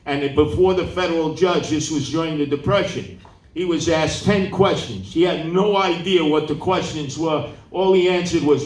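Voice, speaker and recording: A man, telling animated stories at a campaign town hall and acting out the people in them. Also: fairly high pitch, moderate pace, recorded from a distance, a little hiss or hum. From New York City. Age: 70s. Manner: animated storyteller who acts out quoted people. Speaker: political candidate at a town hall. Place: large indoor meeting room. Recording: roomy hall, voice off-mic.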